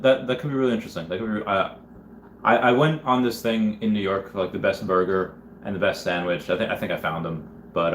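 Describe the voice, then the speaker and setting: Low-voiced man chatting on a livestream. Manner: rambling, chatty, frequent restarts and laughs. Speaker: livestream host reading viewer chats. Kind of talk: casual livestream chat. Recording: echoey room with faint background noise.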